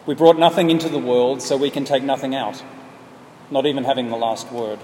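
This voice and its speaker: A man telling a story as a sermon, speaking earnestly and at a measured pace. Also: medium pitch, steady tone, a little mellow. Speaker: preacher. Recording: echoey hall, faint background noise.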